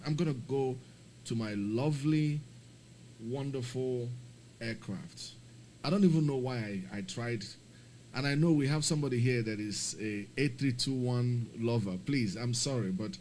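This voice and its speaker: A man in his home setup talking through a flight-sim stream in a low, unhurried voice. He rambles and apologizes, thinking aloud as he clicks through menus. When something sets him off, he turns emphatic and laughs. Faint background noise sits under the speech. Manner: animated, emphatic when ranting, laughs often. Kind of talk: casual live-stream commentary.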